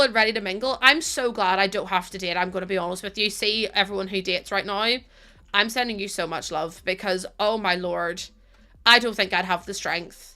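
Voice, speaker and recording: A woman's voice: mid-range voice, pushed and bright. A young woman chatting to her stream while playing, ranting animatedly and laughing often. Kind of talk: casual chat while playing a game.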